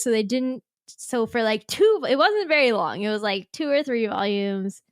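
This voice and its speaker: A woman's voice: fairly high pitch, animated, normal speed, no echo, clean studio sound. A woman hosting a podcast in casual chat. She laughs often and acts out quotes in exaggerated voices. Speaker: podcast host.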